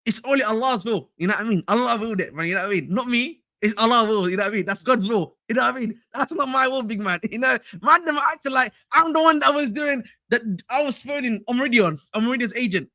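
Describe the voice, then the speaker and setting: Young man, excitable livestream host, high voice. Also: quick pace, few pauses, no echo, studio quality. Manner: slangy, excitable, chatty with chat. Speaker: fan channel livestreamer. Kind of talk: casual livestream chat.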